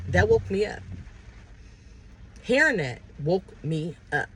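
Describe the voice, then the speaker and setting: A woman's voice: lowish voice, sing-song, slow, pauses often, slight background noise. A woman talking earnestly and casually about her faith, sharing personal testimony while driving her car. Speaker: spiritual vlogger. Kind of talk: casual motivational talk.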